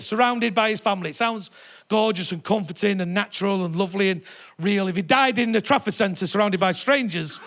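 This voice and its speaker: A middle-aged man doing a brash, sweary stand-up routine, telling stories to a live theatre audience. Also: sits high. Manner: brash, sweary storytelling with shouted put-on voices. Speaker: stand-up comedian.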